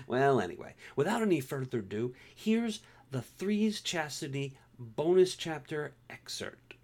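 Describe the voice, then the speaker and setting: A man, an author, who chats casually in a wry, relaxed way and then reads his own story aloud. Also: on the high side, unhurried. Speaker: self-published author reading his story.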